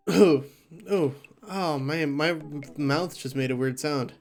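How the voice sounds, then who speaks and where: A male streamer talks through a game in a goofy, playful way, throwing in jokes between lines. His voice sits on the higher side. Faint music plays in the background. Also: expressive, a little slow. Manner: goofy, playful, laughing asides. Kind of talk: casual let's play commentary.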